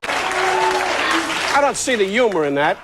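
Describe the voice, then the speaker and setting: A man's voice: high-pitched, wildly swooping pitch, over a noisy crowd, very noisy. Brash older man trading insults. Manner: brash, rapid-fire insults, mock outrage. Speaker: comedian guest. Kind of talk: insult comedy on a talk show. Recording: loud studio audience laughing.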